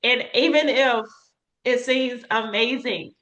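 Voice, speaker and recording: A woman's voice: fairly high pitch, fairly even intonation, slow pace, a bit bright, muffled recording. A woman hosting an interview, speaking candidly and conversationally and laughing easily. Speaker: podcast host. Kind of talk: casual interview chat.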